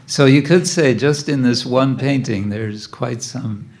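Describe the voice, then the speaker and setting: Slow, halting man teaching a devotional class. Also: medium pitch. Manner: halting, gently humorous, many fillers. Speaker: guest speaker giving a spiritual class. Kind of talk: devotional class on religious paintings.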